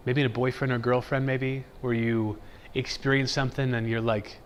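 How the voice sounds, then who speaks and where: A man teaching a catechism class in a conversational lecture style, animated, often checking in with "right?" and acting out people's reactions. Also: medium pitch, normal speed, a little hiss or hum. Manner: animated, keeps asking "right?"; acts out everyday reactions in quotes.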